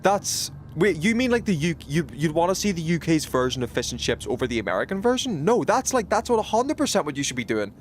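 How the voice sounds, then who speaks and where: A man's voice: on the high side, big pitch swings, quick pace, hardly any pauses, a little hiss or hum. Rambling British man chatting on stream. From United Kingdom. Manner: rambling, many fillers and restarts, reacts to chat. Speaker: game streamer. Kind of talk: casual chat with stream chat.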